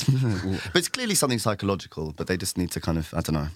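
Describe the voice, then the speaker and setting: A man guesting on a podcast speaks in a low voice, laid-back and halting, with many fillers. The sound is dry and close to the mic, with no room around it. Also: very animated, dry recording. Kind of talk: casual interview chat.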